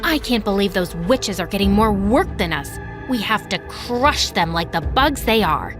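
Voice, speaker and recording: A woman voicing a vain, melodramatic teenage girl with a shrill delivery. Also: animated, normal speed, over music, lightly acted. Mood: scheming.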